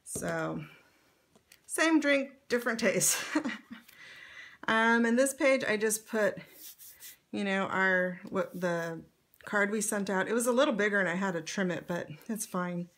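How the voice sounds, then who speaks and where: A woman's voice: medium pitch, measured pace, long pauses, a bit bright. A middle-aged woman chatting casually as she pages through her scrapbook, with lots of fillers and light laughs. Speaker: scrapbook vlogger. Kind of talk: casual show-and-tell narration.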